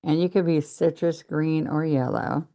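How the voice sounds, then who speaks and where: A woman's voice: low voice, little pitch movement, measured pace, dark tone. An older woman teaching a painting lesson, chatting encouragingly as she demonstrates each stroke. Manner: chatty, encouraging, talks while working. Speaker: painting instructor.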